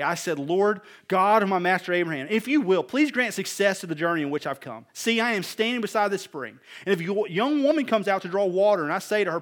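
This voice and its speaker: A preacher with a high, fairly bright voice addresses a live congregation. His sermon moves from scripture reading and casual joking asides to emphatic appeals.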